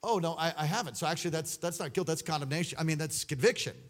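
A man preaching a sermon, swinging between loud exclamations and hushed asides. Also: a little high, fast.

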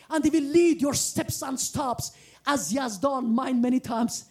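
Woman guest preacher from the former Soviet Union: high, gravelly, exuberant, pleading. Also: unhurried. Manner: exuberant, often bursting into shouts and sung phrases; earnest, pleading exhortation. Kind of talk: testimony sermon.

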